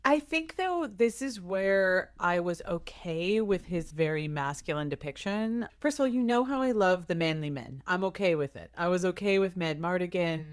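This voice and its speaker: Woman podcaster in her 30s, kinda low voice, chatty and giggly, super dry mic. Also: normal speed, few pauses, clear, resonant tone, dry recording. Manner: animated, laughs often, jumps into pitch on quoted lines. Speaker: podcast co-host. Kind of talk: casual chat.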